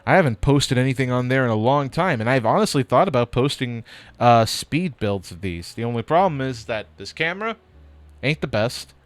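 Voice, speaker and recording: A man's voice: mid-range voice, animated, normal speed, dry recording. Male streamer, mid-range voice, loose rambling chat with casual cursing. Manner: rambling, chatty, casual swearing. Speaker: streamer building model kits.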